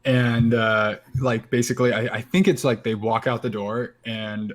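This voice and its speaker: A man's voice: mid-range voice, fairly even intonation, normal speed. A man co-hosting a podcast in casual chat, rambling and trailing off as he searches for words. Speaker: podcast co-host.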